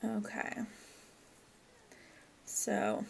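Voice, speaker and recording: Slow, chatty woman giggling through gameplay. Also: mid-range voice, monotone, creaky, darkish tone, slight background noise. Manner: chatty, apologetic, giggly asides. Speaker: gameplay commentator. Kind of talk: casual let's-play commentary.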